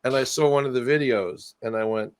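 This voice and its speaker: A man's voice: medium pitch, brisk, no echo. A man telling a long story in a casual interview, often trailing off and starting his sentences over. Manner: rambling, trailing off and restarting. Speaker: guest musician.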